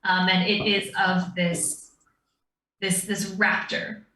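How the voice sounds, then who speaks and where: A woman's voice: medium pitch, flat delivery, slow pace, sharp tone. A woman narrating a tabletop game as dungeon master, describing scenes in a meandering way. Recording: roomy, distant mic.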